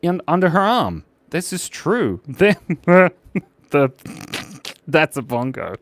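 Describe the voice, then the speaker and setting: A man's voice: fairly high pitch, big pitch swings, takes it slowly, a bit bright, dry recording. A man hosting a casual live drawing stream, joking and chatting with viewers as he draws. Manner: playful, jokey, chatty with viewers. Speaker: livestream drawing host.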